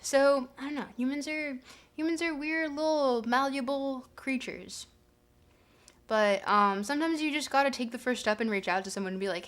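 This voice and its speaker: This livestream host talks casually to her audience in a high, fairly bright voice at a moderate pace. She wanders from thought to thought, using lots of fillers as she thinks aloud.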